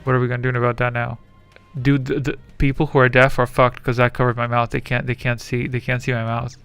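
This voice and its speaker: A man talks loosely through a live stream with a gravelly, fry-tinged voice. He rambles, curses and reads viewers' messages aloud. Faint music plays underneath. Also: medium pitch, level tone, fast talker, a bit bright. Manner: rambling, swears freely, reads chat aloud. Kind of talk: casual livestream chat.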